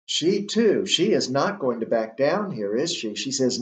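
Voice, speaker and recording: A man teaching a literature lesson, explaining slowly and deliberately with frequent filler sounds, in a roomy, muffled recording. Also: mid-range voice, big pitch swings. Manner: slow, deliberate explaining with many uhs. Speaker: literature instructor.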